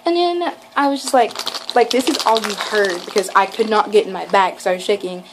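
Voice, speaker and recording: A young woman vlogging, telling a rambling, excited story full of "like" and quoted lines. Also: mid-range voice, brisk, noisy background. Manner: gushing, rambling, lots of "like" and acted quotes. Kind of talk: casual storytelling vlog.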